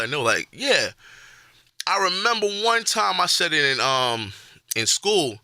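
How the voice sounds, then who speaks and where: A young man from the Boston area argues his side on a podcast, slangy and animated. His voice is very bright and forceful, with the pitch a touch high. The sound is dry and close. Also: normal speed, no echo. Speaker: podcast co-host. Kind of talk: casual debate chat.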